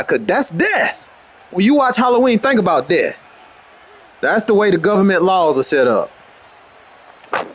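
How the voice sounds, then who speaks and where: Brash trash-talking man, high voice that leaps around. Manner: brash, boastful, trash-talking, swings between mutters and high outbursts. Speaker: gamer streaming gameplay. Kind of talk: profane rambling commentary over gameplay.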